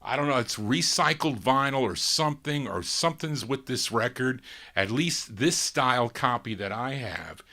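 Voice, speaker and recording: A man's voice: medium pitch, expressive, moderate pace, sharp tone. A man hosting a live oldies record show, chatting between records and talking to listeners, laughing as he goes. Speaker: oldies radio show host.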